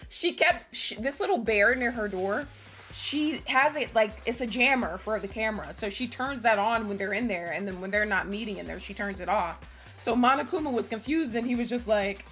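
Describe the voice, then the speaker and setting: Chatty bright-voiced woman streamer. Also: on the high side, moderate pace, soft background music. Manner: chatty, giggly, loose, swears casually. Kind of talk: casual let's-play recap.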